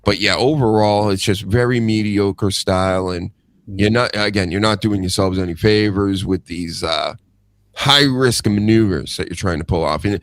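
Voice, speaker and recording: A man with a lowish voice hosting a podcast and chatting about wrestling in a relaxed, easygoing way. The recording is dry, with no echo. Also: normal speed. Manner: relaxed, casual wrestling fan talk. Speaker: podcast host. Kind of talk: casual podcast chat.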